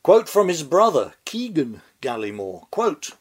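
A man delivering scripted satirical commentary in a dry, deliberate, sardonic manner. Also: fairly high pitch, sing-song, husky. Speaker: commentary host.

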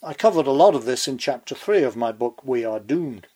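A man's voice: mid-range voice, animated, brisk, mellow. A man delivering a scripted political commentary monologue with sardonic, sarcastic asides.

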